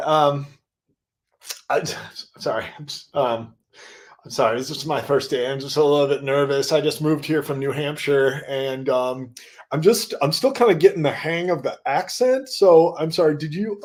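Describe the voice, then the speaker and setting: A man's voice: on the high side, a little slow, natural voice. A man playing a fumbling, nervous young clerk. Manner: fumbling, hesitant, many ums. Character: nervous young shop clerk on his first day. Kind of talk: improvised comedy scene.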